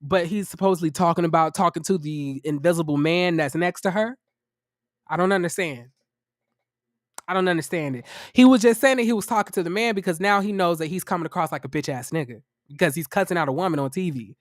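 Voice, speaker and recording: A man hosting a livestream review of a reality show, tired, talking casually to his viewers in a profane, incredulous, animated way. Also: a little high, fairly quick, no echo, studio quality. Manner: chatty, addresses viewers as y'all.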